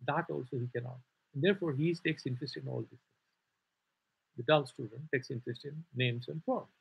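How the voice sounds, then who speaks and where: Gravelly Indian man teaching scripture. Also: medium pitch, moderate pace, rough recording. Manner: explanatory and digressive, many "sort of" hedges. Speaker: Vedanta teacher. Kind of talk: scripture class lecture.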